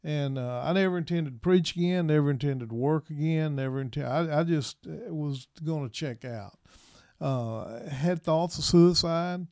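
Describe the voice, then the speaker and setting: A middle-aged man and minister, telling his personal story in an interview in a soft, halting way, with many pauses and restarts. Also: fairly high pitch, no echo, studio quality.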